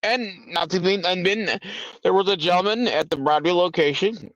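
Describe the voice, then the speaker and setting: An irritated man hosting a live stream, ranting and swearing with a fairly high voice. The sound is dry and dull, like low-grade stream audio. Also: moderate pace, fairly bright tone, no room sound. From United States. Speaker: livestream host. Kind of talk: angry political rant and call-in chat.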